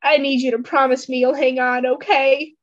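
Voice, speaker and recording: A woman's voice: high voice, flat delivery, moderate pace, muffled recording, close to an everyday voice. A woman voicing a desperate young man who pleads and cries out in grief. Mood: pleading.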